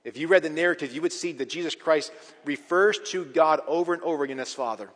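A man preaching a sermon as a pastor, emphatic, with big swings in pitch and loudness. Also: fast talker. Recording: reverberant hall.

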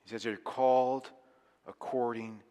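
A man preaching a sermon as pastor, talking conversationally and with emphasis, sometimes falling to a quiet, intense tone. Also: mid-range voice, fairly even intonation, a little slow, big-room sound.

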